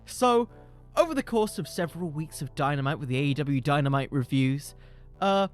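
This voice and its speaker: A man hosting a podcast, spinning comedic stories in a rambling, jokey voice that swings up and down freely. Faint music sits quietly behind him. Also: fairly high pitch, lively intonation, normal speed. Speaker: podcast host.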